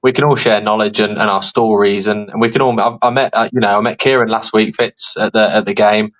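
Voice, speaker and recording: A man guesting on a phone-in chat, warm and rambling. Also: on the low side, steady tone, a little fast. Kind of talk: casual chat.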